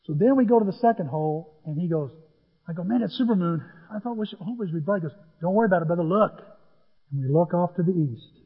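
A man's voice: high-pitched, fast, husky. Man, pastor, sermon storytelling, long hall reverb, dull sound. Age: middle-aged. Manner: animated, folksy storytelling with acted-out dialogue. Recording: muffled, echoey church hall.

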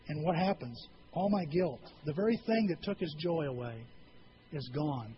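A man's voice: a little high, animated, moderate pace, muffled recording, background noise. A male pastor preaching a sermon in a church, earnest and conversational, with frequent rhetorical questions.

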